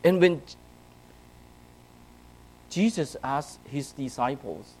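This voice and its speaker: A man's voice: medium pitch, expressive, slow, a little mellow, rough recording. A man preaching a sermon to his congregation in a conversational way, often checking in with "right?" and "okay?". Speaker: pastor. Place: church, speaking to a congregation.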